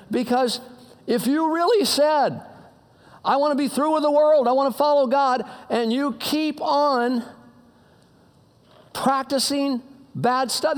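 This pastor preaches his sermon conversationally, sinking low to muse and then climbing into emphatic appeals. He uses casual slang and restarts his sentences often.

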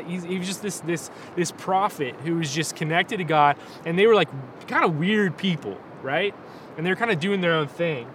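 A man's voice: fairly high pitch, background noise. A man talking earnestly about worship and reading scripture aloud, often checking in with "right?". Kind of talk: casual chat and scripture reading.

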